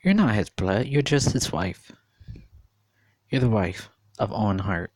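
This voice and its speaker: A man's voice: fairly low pitch, lively intonation, measured pace, darkish tone, no room sound. A man in his thirties giving an earnest, repetitive opinion monologue, often repeating and questioning. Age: 30s. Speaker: vlogger.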